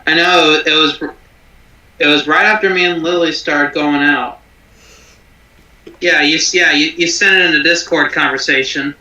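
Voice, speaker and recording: Chill guy swearing on a stream out in a shed, bright voice, echoey room. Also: on the high side, fairly even intonation, normal speed, long pauses, distant mic. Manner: laid-back, swears a lot. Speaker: host of a reaction stream. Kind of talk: casual chat.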